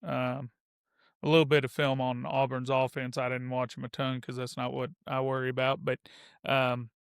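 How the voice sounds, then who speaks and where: Man, podcast co-host, measured, monotone, smooth clear voice. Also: mid-range voice, no echo, clean studio sound. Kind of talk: casual football analysis chat.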